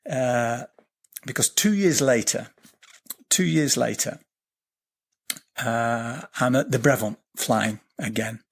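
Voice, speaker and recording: A man, a podcast guest telling a vivid, swearing story, repeating words and slowing down at tense moments. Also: medium pitch, gravelly, breathy edge. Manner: slows down and lifts his voice at tense moments. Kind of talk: animated storytelling in a podcast interview.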